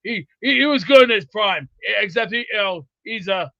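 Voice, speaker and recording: A man hosting a rowdy sports call-in show, loud and goofy, often breaking into whooping yells. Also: sits high, lively intonation, moderate pace, dry recording, muffled recording. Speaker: sports talk show host.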